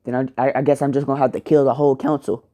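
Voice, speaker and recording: A man's voice: medium pitch, little pitch movement, racing, dark tone, close to an everyday voice. A man doing a hot-tempered old ninja sage. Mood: angry. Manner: crude, cursing.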